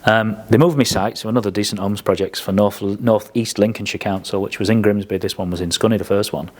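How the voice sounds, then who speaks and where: A man with a lowish, fairly even voice talks fast on a casual podcast. He's a blunt, sweary storyteller who acts out the quotes in his tales.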